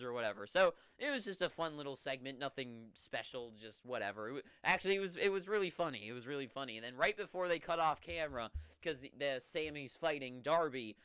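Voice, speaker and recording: Bright, crisp-voiced young man rambling casually. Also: mid-range voice, fairly quick, hardly any pauses, dry recording, studio quality. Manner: rambling, offhand, with excited bursts quoting wrestlers. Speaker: wrestling recap host. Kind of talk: casual solo recap.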